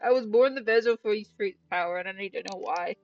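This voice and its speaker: A woman's voice: medium pitch, fast, dry recording, natural voice. A woman reading as an earnest young male warrior. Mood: resolute. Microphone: headset mic. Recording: dull, distant, dry, game music behind.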